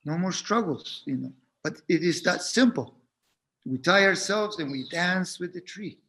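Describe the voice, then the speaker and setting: A man giving a reflective spiritual talk as a teacher, speaking gently and haltingly, often repeating words as he goes. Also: high-pitched, expressive.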